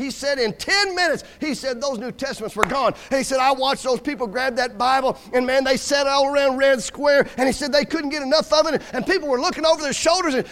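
Man, very high voice, folksy guest preacher, sermon, loud-to-hushed swings. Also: big-room sound, poor audio. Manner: calls out "amen" and "hey" to the congregation. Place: church service.

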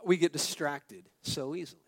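A man's voice: a little high, normal speed. A man in his thirties preaching a conversational sermon, telling family stories and repeating phrases for emphasis. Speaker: pastor.

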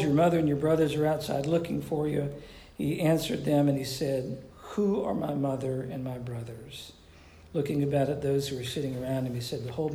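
A man delivers a sermon in a conversational, questioning way. His voice is slightly high and gravelly. The room around him is echoey. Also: dark tone. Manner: conversational preaching, asks the audience questions. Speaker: pastor.

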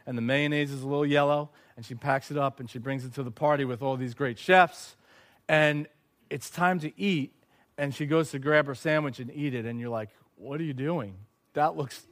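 A young adult man preaching a sermon to a live audience, telling lively stories and speaking straight to his listeners. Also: on the high side.

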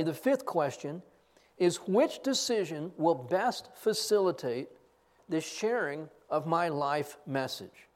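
High-voiced man preaching a sermon. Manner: storytelling, acting out both sides of remembered dialogue. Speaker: pastor.

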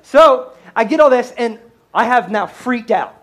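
A man who is a pastor, telling a comedic story in a sermon in a high-strung, animated way. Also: measured pace.

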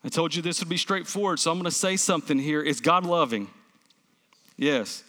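A man's voice: on the high side, lively intonation, a little fast, pushed and bright, long reverb tail. A male pastor preaching a sermon, emphatic, asking the congregation rhetorical questions and answering them himself.

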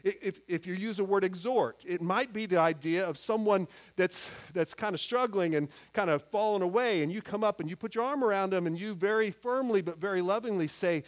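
Man, pastor, high voice, earnest conversational sermon, frequent restarts. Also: brisk, hardly any pauses.

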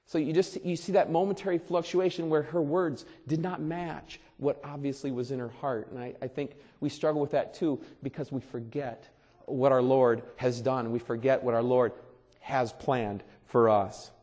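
A pastor preaching a sermon in a conversational way, repeating phrases and swelling loud for emphasis. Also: male voice, medium pitch, fairly even intonation, normal speed. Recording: long reverb of a large hall.

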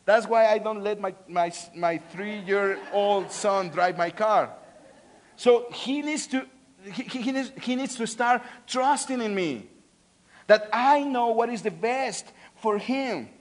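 A man, swinging between loud pleading and soft earnestness, often restarting and repeating words. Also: sits high, takes it slowly. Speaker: preacher. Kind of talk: sermon.

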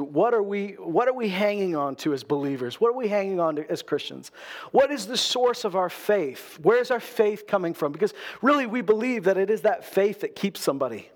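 Male pastor with a high voice, preaching to his church and stacking up rhetorical questions. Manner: repeats words and phrases for emphasis; asks the congregation rhetorical questions. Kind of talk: sermon.

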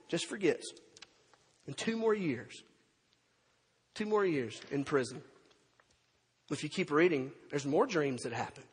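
A man preaching a sermon, telling a story with lively acted-out quotes and asides to the congregation. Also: high-pitched, breathy edge, in a large hall. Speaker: pastor.

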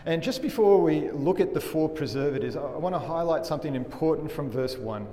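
A man preaching a sermon as a pastor, earnest and emphatic, often dropping his voice low for weight. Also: expressive, a little fast, dark tone. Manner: earnest, emphatic preaching with dramatic drops in volume. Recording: echoey hall with faint room noise.

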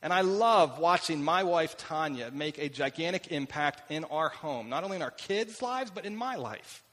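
A man's voice: on the high side, animated, moderate pace, a bit bright. A middle-aged man preaching as a pastor, telling stories about himself in a conversational way. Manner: conversational, self-deprecating storytelling. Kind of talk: sermon. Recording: long hall reverb.

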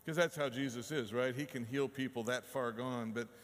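A man's voice: medium pitch, steady tone, moderate pace, in a large hall. A man, preaching a conversational sermon and acting out voices as he tells the story. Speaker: pastor.

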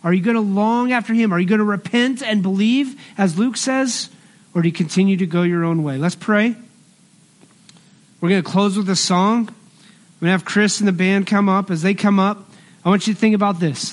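A middle-aged man preaching a sermon as pastor, earnest and conversational, mixing scripture with personal stories. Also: high-pitched.

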